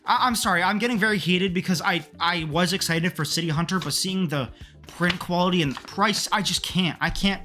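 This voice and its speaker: An excitable man chats through a casual haul vlog in a bright, forward voice. He swears freely and works himself up into heated rants. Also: high-pitched, fairly quick, faint music behind. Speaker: manga collector vlogger.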